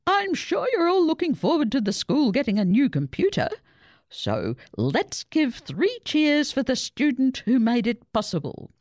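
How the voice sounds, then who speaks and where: A woman voicing a cheery male school headmaster making a loud announcement over the school PA, pitched up. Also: big pitch swings, measured pace, no echo, clean studio sound.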